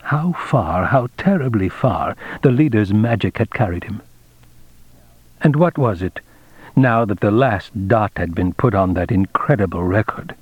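A man narrating a novel in a measured, dramatic reading. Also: fairly low pitch, expressive, breathy edge, no echo. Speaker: audiobook narrator. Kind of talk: scripted narration. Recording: dull, dry lo-fi audiobook recording.

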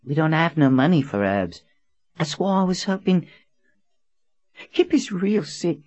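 A man voicing a nervous, poor young boy who stammers and pleads politely, with a husky voice, as an audiobook character. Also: a little high, sing-song, unhurried, darkish tone, no room sound, pitched above the performer's own voice. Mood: timid pleading.

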